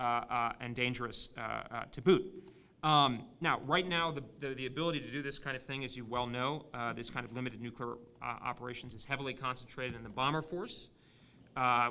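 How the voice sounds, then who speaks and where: A man's voice: medium pitch, pushed and bright. A man giving an analytical conference panel talk, often restarting sentences with many fillers. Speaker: panel speaker. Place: conference hall near an air force base.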